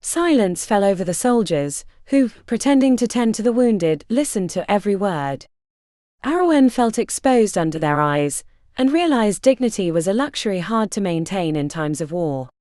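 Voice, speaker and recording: A woman narrating a historical romance audiobook in an expressive, dramatic reading. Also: medium pitch, moderate pace, no room sound, studio quality.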